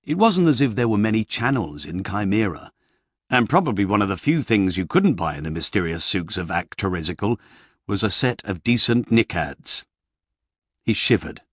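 A man narrating a comic fantasy novel in a wry, measured storytelling manner, recorded close on a studio mic. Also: lowish voice, breathy edge, no echo. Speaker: audiobook narrator. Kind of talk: expressive novel reading.

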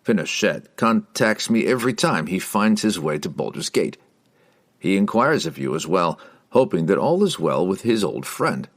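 A man's voice: deep voice, big pitch swings, normal speed, heavily acted. Oberon, a man doing a wry, eager wizard. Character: male wizard seen in a crystal ball, eager and wry.

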